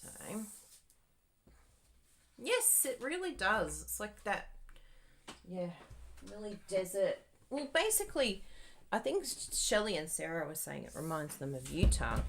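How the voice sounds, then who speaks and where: A woman's voice: medium pitch, sing-song, measured pace, pauses often. A woman demonstrating card-making live, chatting and thinking aloud as she works and talking straight to her viewers. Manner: talks to viewers directly. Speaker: crafting demonstrator.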